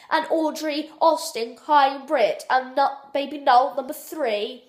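Bubbly high-voiced English woman. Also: measured pace, few pauses. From England. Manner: over-enthusiastic, bubbly. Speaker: viewer sending a channel outro. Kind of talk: enthusiastic recorded outro message.

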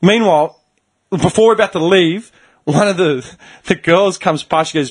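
A man's voice: high voice, moderate pace, slightly rough. A man hosting a podcast, telling a long story in casual chat, swearing and acting out the people in it. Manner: animated, swearing, acts out the people in his story. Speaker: podcast host.

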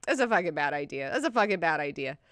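A woman's voice: low-pitched, big pitch swings, quick pace, fairly bright tone, dry recording, studio quality. Woman doing a brusque swearing old priest. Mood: blunt. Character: blunt unflappable old male priest exorcist.

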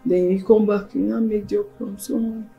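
A woman's voice: mid-range voice, fairly even intonation, normal speed, creaky, mellow, muffled recording, soft background music, natural voice. A woman playing a fussy, craving young wife. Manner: fussy, pleading. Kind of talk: Nollywood film acting.

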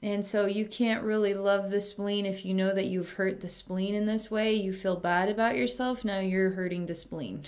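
A woman's voice: mid-range voice, fairly even intonation, moderate pace, hardly any pauses. Chatty woman psychic healer, soothing tone. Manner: soothing and chatty, with many fillers and soft laughs. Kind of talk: spoken distance healing session.

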